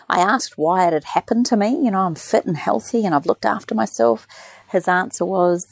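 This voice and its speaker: Gravelly woman telling a story. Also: mid-range voice, normal speed, dry recording. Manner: animated storyteller, mimics nurses. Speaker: podcast guest. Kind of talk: casual chat.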